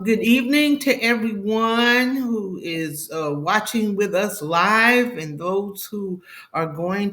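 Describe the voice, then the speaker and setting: A middle-aged woman with a faint Brooklyn accent, a guest chatting warmly in a live podcast interview and often restarting her sentences. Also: mid-range voice. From Brooklyn, New York. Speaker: guest author and therapist.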